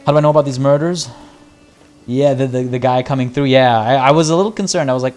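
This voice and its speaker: Male streamer, mid-pitched, chatty commentary with dry gloating asides, faint music underneath. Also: quick pace, a little mellow. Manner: chatty, wry, mock-villainous asides. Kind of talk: casual live gameplay commentary.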